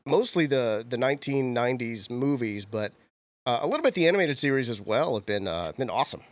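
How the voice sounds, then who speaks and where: A man's voice: mid-range voice, lively intonation, a little fast. A man in his thirties co-hosting a casual podcast chat, a chatty storyteller. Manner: chatty storyteller, acts out quotes. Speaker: convention show co-host.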